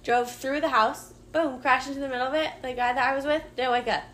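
A woman's voice: high-pitched, fairly even intonation, a bit bright, slight background noise. A woman in her thirties, a mother and podcast co-host, chatting bluntly and swearing freely. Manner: blunt, profane, quick reactions. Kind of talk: casual storytelling chat.

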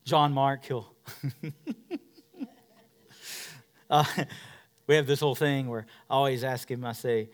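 A male pastor delivering a sermon, swinging from shouting to a hush and calling for responses from the congregation. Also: medium pitch, lively intonation, normal speed, long pauses.

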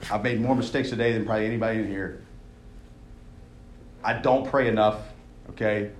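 A man's voice: fairly low pitch, fairly even intonation, brisk. Man, young adult, coach preaching, emphatic and chatty, roomy echo, faint background hum. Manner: emphatic, conversational preaching with frequent "all right?" check-ins. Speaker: coach leading a devotional. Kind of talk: sermon. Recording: echoey room.

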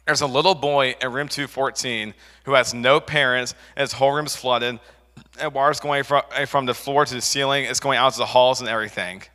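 Slow, breathless old cleaning lady a young man doing her passing along gossip, bright tone, hall echo. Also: mid-range voice, steady tone, close to an everyday voice.

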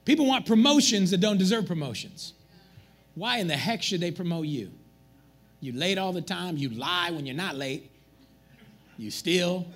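A man preaching a sermon as pastor, animated and joking with the congregation in a church. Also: high-pitched, normal speed, pauses often, faint music behind.

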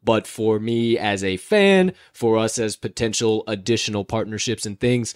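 A man's voice: on the low side, normal speed, clean tone, no echo, studio quality. A young man from the Chicago area hosting a sports betting podcast in a casual, upbeat, hype-filled way. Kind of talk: casual chat.

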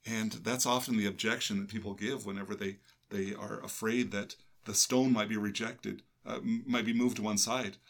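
A man's voice: on the low side, steady tone, moderate pace, creaky, hardly any pauses, a bit bright. An older man, a priest, reading a gospel passage aloud and then reflecting on it in earnest, meditative talk with a co-host. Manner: earnest, meditative, with some restarts.

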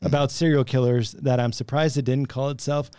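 A man's voice: medium pitch, steady tone, fairly quick, dark tone, clear, resonant tone, dry recording, studio quality. A man co-hosting a casual podcast, joking around and reading film reviews aloud. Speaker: podcast co-host.

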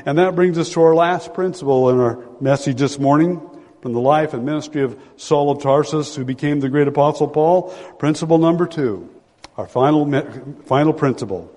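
An older man delivers a dramatic Sunday sermon, his slightly high voice rising into loud pleas and falling to hushed, low confessions. The sound carries a long hall reverb from a large sanctuary. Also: normal speed. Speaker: pastor.

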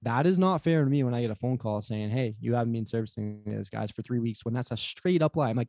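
A man as a podcast guest, swearing freely while he tells an animated story about his job. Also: medium pitch, fast, gravelly, hardly any pauses, no echo. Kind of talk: casual podcast chat.

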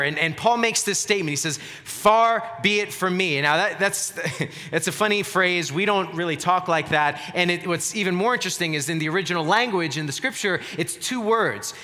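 A man's voice: high voice, pushed and bright. Emphatic male pastor preaching in a hall. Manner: earnest, emphatic preaching with repeated words. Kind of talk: sermon.

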